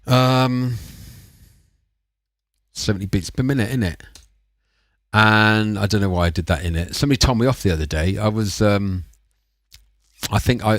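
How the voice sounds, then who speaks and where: While making music on a livestream, a man rambles and chats casually, often mocking himself. His voice is lowish, captured as clean studio sound with no room sound.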